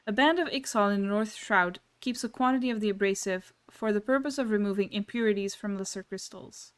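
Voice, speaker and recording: A woman's voice: mid-range voice, fairly quick, clear, resonant tone, natural voice. A woman reading aloud the lines of a mysterious, smug male game figure, with formal, old-fashioned diction. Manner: archaic, formal and mock-gracious diction.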